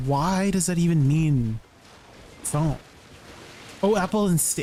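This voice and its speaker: A man's voice: fairly high pitch, slow pace, long pauses, warm tone, a little hiss or hum. A young man streaming a game, chatting casually with viewers, easily amused and rambling with restarts; he is not British. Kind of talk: casual live-stream chat while gaming.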